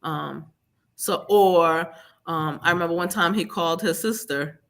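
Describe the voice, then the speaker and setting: A woman guest telling her own story in a live interview, animated and acting out what others said. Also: on the low side, a little slow.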